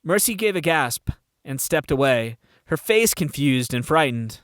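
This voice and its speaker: A man narrating a fan audiobook reading in a measured storytelling manner. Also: fairly high pitch, sing-song, a bit bright, smooth, no room sound, studio quality.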